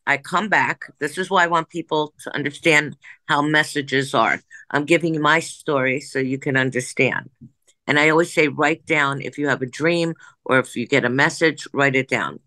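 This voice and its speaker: A woman's voice: deep voice, normal speed, pushed and bright, no room sound. A woman in her sixties, a psychic guest telling stories in an emphatic, rambling way that jumps back and forth. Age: 60s. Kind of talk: conversational storytelling.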